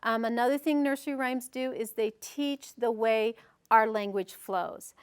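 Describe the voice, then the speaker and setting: A woman's voice: on the high side, a little slow, clear, resonant tone. A woman leading a parenting workshop on nursery rhymes, talking to a small group and reading in a sing-song, playful way. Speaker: workshop presenter.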